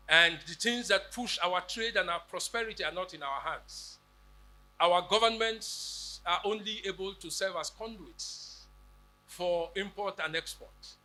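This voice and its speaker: Male lecturer from Nigeria, high-pitched and very bright, rhetorical and rousing. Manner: rousing, rhetorical, with acted quotes. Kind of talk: public lecture.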